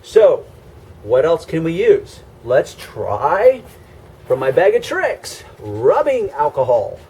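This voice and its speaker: A man's voice: on the high side, huge pitch swings, slow, darkish tone, a little hiss or hum. A man teaching car scratch repair in a hands-on demonstration, explaining step by step in a conversational, emphatic way. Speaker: car detailing instructor.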